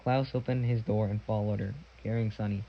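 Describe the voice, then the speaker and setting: A man narrating a children's novel aloud in a plain, even reading with small restarts. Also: lowish voice, a little fast, highs cut off, slight background noise. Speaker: audiobook reader. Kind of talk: storybook narration.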